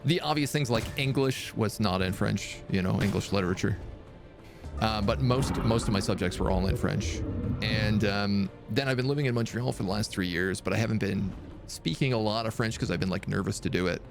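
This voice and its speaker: A man's voice: on the low side, fairly quick, gravelly, music in the background. A man streaming a strategy game live, chatting and rambling through stories with frequent laughter. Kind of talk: live gameplay commentary and storytelling.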